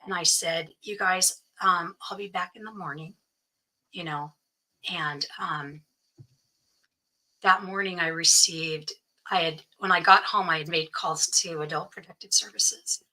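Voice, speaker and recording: A woman, a guest in an interview, telling a personal story and acting out the voices of the people in it, often dropping to a hush. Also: fairly low pitch, steady tone, a little slow, poor audio. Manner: acts out quoted voices, often drops to hushed tones.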